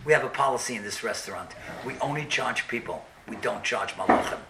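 A man voicing a calm older male restaurant owner, speaking low, hushed and earnest. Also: a little fast, vocal fry, distant mic, heavy background noise, close to an everyday voice. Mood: solemn.

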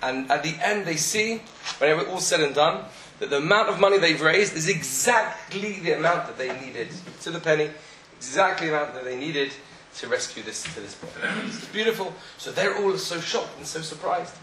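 A man telling a story in a sermon, animated, acting out the voices of the people in it. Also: fairly high pitch, moderate pace, few pauses, a little hiss or hum. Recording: echoey room, faint ambience.

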